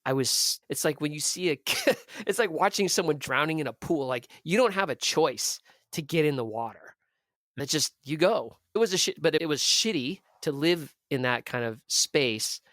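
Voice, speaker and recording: A man's voice: fairly high pitch, moderate pace, no room sound, clean studio sound. A man from Southern California, a podcast guest, telling a personal story candidly and bluntly, with plenty of profanity and acted-out dialogue. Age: 30s. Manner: blunt, profane, animated storyteller who acts out quoted dialogue.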